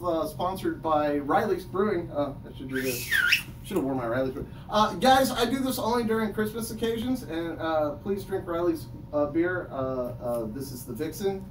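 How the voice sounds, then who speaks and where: A man's voice: high-pitched, moderate pace. Man doing crude stand-up, echoey and distant. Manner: crude jokes, frequent filler words and self-laughing. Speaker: stand-up comedian. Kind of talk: stand-up comedy set. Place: small comedy room with audience. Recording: echoey room, mic at a distance, noisy. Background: audience laughter and chatter.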